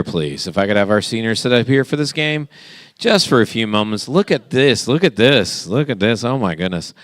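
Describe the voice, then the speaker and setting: A man's voice: mid-range voice, fairly bright tone, dry recording, clean studio sound. A man hosting a guessing game for a church youth group, playful and teasing with the teens. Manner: playful, teasing, quick back-and-forth with the group.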